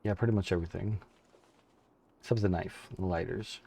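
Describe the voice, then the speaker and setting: A man casually commenting while playing a survival game, chatting with friends and often breaking into laughter and high excited yelps. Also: fairly quick, gravelly. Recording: faint game music behind.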